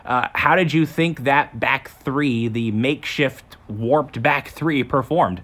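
A man's voice: mid-range voice, takes it slowly, fairly bright tone. A man hosting a sports talk podcast, recapping the match and then putting questions to his co-host.

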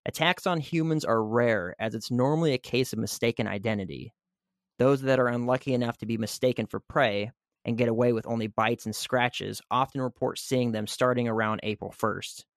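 A man's voice: medium pitch, moderate pace, no room sound, studio quality. A man hosting a casual podcast who reads a written segment aloud and then riffs on it loosely, with lots of "you know" fillers. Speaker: podcast host.

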